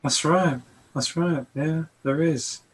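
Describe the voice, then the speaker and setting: Bright-voiced man, hesitant. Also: a little high, slow pace, slightly rough. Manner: hesitant, repeats words, easygoing. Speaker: guest. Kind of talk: casual online chat.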